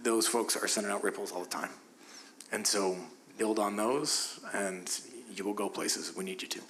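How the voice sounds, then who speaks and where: Bright-voiced man, casual and encouraging. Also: lowish voice, a little hiss or hum, rough recording. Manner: casual, halting starts, then emphatic encouragement. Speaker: panelist. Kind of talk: informal panel remarks.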